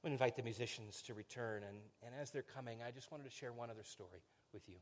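A middle-aged man preaching a sermon in a conversational storytelling way, often repeating words as he starts a phrase and sinking low and quiet on solemn lines. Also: fast talker. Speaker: pastor.

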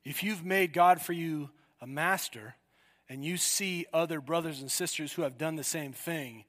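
A man's voice: on the high side, moderate pace. Preaching man, hall reverb. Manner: emphatic, rhetorical questions, swings from loud to hushed. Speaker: pastor. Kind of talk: sermon.

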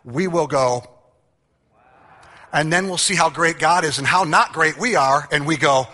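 A male pastor with a bright, fairly high voice delivers an animated sermon. He reads scripture in a hushed tone, then rises to loud, playful calls to the crowd. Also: a little slow, in a large hall.

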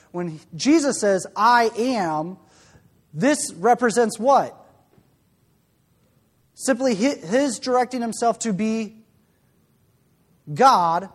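A man preaching a sermon in a conversational way, often asking the listeners questions. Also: high voice.

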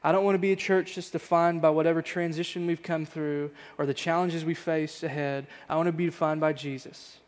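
Pastor, a man in his thirties, with a fairly high voice and an earnest, searching sermon delivery in a church hall with long reverb. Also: level tone, brisk, few pauses. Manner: earnest, reflective, repeating rhetorical questions. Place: church sanctuary.

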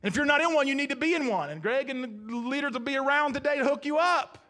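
A man's voice: very high voice, lively intonation, fast, sharp tone. A man preaching a sermon as pastor, talking conversationally and asking the congregation questions.

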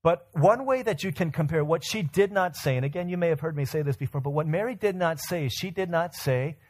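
A man's voice: a little high, lively intonation, brisk, a little mellow. A man preaching a sermon as pastor, telling an everyday story and asking the congregation rhetorical questions.

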